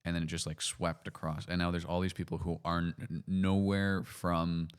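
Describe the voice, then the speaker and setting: A man from Canada hosting a podcast, talking in a relaxed, hesitant way with lots of fillers. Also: sits low, moderate pace, clear, resonant tone. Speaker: podcast host. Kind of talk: casual chat.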